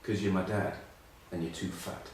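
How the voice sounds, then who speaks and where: A man's voice: low-pitched, fairly even intonation, moderate pace, a little mellow, heavy reverb, recorded from a distance, slight background noise, low-quality recording. A middle-aged English man telling rambling, self-mocking rugby stories in casual chat. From England. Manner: rambling, self-mocking anecdotes with many ums. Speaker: rugby pundit.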